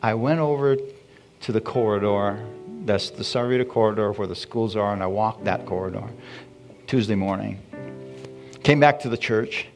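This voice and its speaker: A man preaching in a church, his voice gravelly with fry. He tells stories in a folksy, repetitive way before moving into prayer. Soft guitar music plays faintly behind him. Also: fairly low pitch, normal speed. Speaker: pastor. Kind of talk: sermon with storytelling and prayer.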